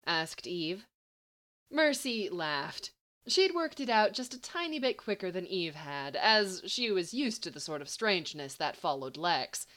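A woman narrating a story in an expressive storytelling manner. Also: on the low side, a little slow. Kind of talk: audiobook narration.

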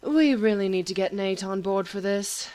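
A woman's voice: medium pitch, moderate pace, warm tone, close to an everyday voice. A woman reading a haughty grande dame, stiffly upright and aloof. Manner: haughty, with a put-on British air.

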